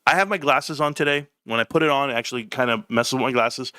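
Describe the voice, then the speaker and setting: A man hosting a casual livestream, talking brashly and joking, dropping to low mutters and then jumping to high outbursts. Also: fast talker, bright, forceful tone, clear, resonant tone, dry recording, studio quality. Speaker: livestream host.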